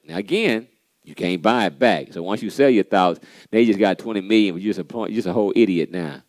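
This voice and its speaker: A man hosting a motivational church pep talk, animated and preachy, often saying "man" and repeating key lines for emphasis, with a playfully sarcastic edge. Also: fairly low pitch, moderate pace, no echo.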